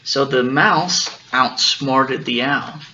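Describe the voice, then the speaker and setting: A father reading a picture book aloud to his daughters, unhurried, stopping to explain the story and correct himself. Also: mid-range voice, bright, forceful tone, muffled recording, a little hiss or hum.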